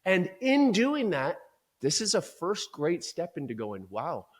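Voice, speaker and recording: A man speaking as a performance coach in an interview, talking in an emphatic, energetic, motivational way. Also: high voice, measured pace.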